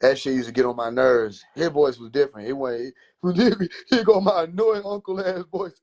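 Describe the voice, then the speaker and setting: A man livestreaming from his phone, casually telling animated, profane childhood stories and laughing between lines. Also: a little high, normal speed, dull audio. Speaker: comedian livestreamer. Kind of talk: casual comedic storytelling.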